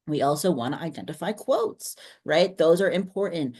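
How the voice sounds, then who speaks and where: A trainer giving an online workshop in a conversational way, often checking in with quick tag questions. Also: mid-range voice, animated, darkish tone, husky.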